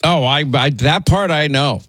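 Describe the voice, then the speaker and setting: A man with a New York accent hosting talk radio, trading quick teasing banter with his co-host in a studio. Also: on the high side, fairly bright tone, dry recording. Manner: teasing, quick back-and-forth. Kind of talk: casual on-air banter.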